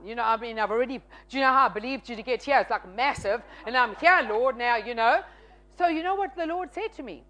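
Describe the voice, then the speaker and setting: High-voiced woman testifying. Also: brisk. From South Africa. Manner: lively, acts out quoted dialogue. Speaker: guest sharing testimony. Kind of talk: faith testimony storytelling.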